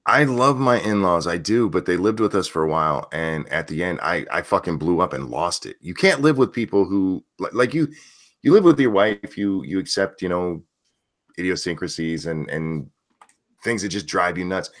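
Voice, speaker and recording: A man's voice: low-pitched, normal speed. A man hosting a casual livestream chat, reading viewer comments and giving blunt, swear-laden opinions. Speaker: streamer host reading chat.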